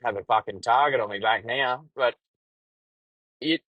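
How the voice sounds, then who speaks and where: A man's voice: mid-range voice, moderate pace, dry recording, dull audio. A man with an Australian accent hosting a casual solo podcast, talking bluntly with heavy swearing and rambling into a yarn. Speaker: podcast host, truck driver.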